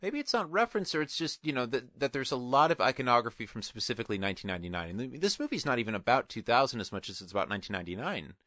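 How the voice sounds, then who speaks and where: A man's voice: mid-range voice, big pitch swings, racing, hardly any pauses, bright, forceful tone, no echo, studio quality. A man co-hosting a film podcast, talking casually with many restarts and qualifiers. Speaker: podcast co-host.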